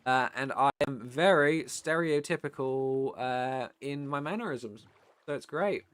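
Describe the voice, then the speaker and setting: A tired British man chatting casually on a live stream, swearing freely and getting loud and worked up when he rants. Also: mid-range voice, measured pace, background noise. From Britain.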